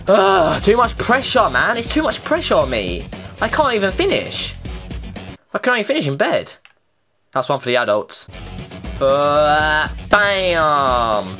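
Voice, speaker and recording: A woman giving live gameplay commentary, exasperated and self-mocking and quick to swear. Her low voice swings widely up and down. Faint music plays behind her. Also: big pitch swings, fairly bright tone. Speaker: gaming channel host.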